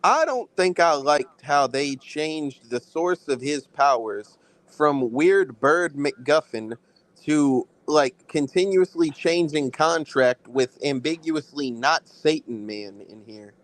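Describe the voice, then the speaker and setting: Animated, slangy man with a raised voice. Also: a little high, slow, dry recording, low-quality recording. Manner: animated, profane, slangy storytelling. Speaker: podcast co-host reviewing films. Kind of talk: casual chat.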